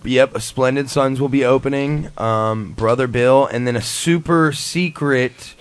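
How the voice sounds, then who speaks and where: A man's voice: mid-range voice, measured pace, smooth. A man hosting a casual chat show, joking around and laughing often. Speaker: podcast host.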